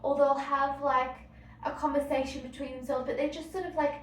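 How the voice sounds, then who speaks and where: A woman's voice: high voice, flat delivery, a little fast, recorded from a distance, slight background noise. Chatty Australian woman, echoey, off-mic. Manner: chatty, reflective, many fillers. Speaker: vlogger. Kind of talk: casual travel vlog. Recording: roomy, off-mic, light ambience.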